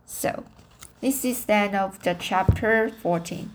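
A woman reading a novel aloud as an amateur audiobook, halting and self-correcting as she practices her English. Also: medium pitch. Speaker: reader of a novel.

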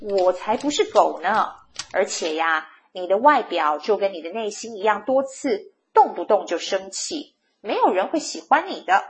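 A woman's voice: medium pitch, sing-song, normal speed, natural voice. A woman doing a blunt, scolding coyote.

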